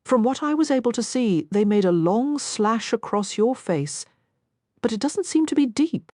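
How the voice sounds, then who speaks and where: A woman's voice: on the high side, animated, moderate pace, dark tone, dry recording, pitched above the performer's own voice. A woman reading an audiobook part as a polite, eager young woman writer, in a dry, close recording. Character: earnest young woman novelist, polite and curious.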